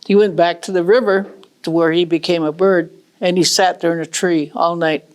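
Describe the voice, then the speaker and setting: A middle-aged woman from northern Michigan telling a traditional story in a folksy, unhurried way, with casual asides to her listeners. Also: on the low side, fairly even intonation, clean tone.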